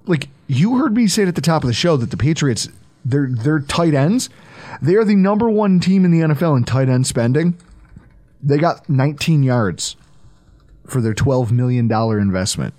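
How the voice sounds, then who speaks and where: Animated man hosting a sports podcast. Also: fairly high pitch, normal speed. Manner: animated, joking, riffing and laughing. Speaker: podcast host. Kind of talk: casual sports podcast chat.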